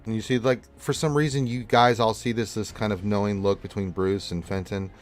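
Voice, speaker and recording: Low-voiced guy running a tabletop game, casual, lots of ums. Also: steady tone, fairly quick, soft background music. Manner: casual narration, filler-laden. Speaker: game master.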